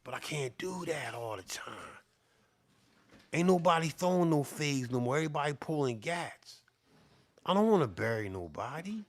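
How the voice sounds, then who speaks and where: A man's voice: fairly high pitch, sing-song, moderate pace. A middle-aged man ranting off the cuff to camera, profane and repetitive, sweating and worked up. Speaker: beatmaker. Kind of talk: heated off-the-cuff rant to camera.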